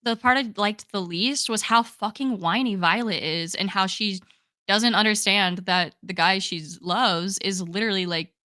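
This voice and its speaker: A woman's voice: medium pitch, normal speed, pushed and bright, no room sound, clean studio sound. A young woman co-hosting a podcast, chatting casually and enthusiastically with lots of "like"s. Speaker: podcast co-host. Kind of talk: casual chat.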